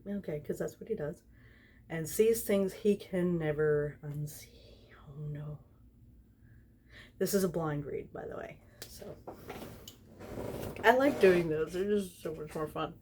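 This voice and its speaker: A young woman with a deep, slightly mellow voice reads fanfiction aloud at home, tipsy from wine, at a measured pace with frequent pauses. She rambles and giggles between lines in a casual storytime, and there's a little background noise.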